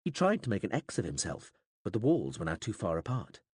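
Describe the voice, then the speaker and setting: A man narrates an audiobook with a lower-pitched, husky voice that swings widely in pitch as he tells the story. His delivery is dramatic and expressive. The recording is dry and close, with no room sound. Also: fairly quick, no room sound. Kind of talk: scripted narration.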